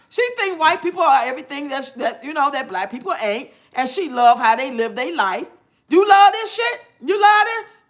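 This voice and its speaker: A woman gives blunt, profane reaction commentary to her viewers. Her voice sits high and sounds bright and sharp. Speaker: commentary streamer.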